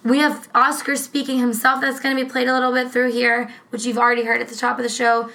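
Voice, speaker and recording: A woman co-hosting a casual true-crime podcast, talking in a rambling, profane, animated way. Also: fairly high pitch, fast talker, gravelly, rough recording. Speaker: podcast co-host.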